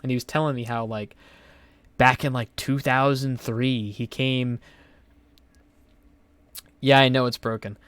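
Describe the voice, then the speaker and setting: A man's voice: mid-range voice, steady tone, measured pace, long pauses, a bit bright, clear, resonant tone, no echo. A young man hosting a podcast, telling stories in a rambling, profane way full of fillers. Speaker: podcast host. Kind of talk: casual podcast chat.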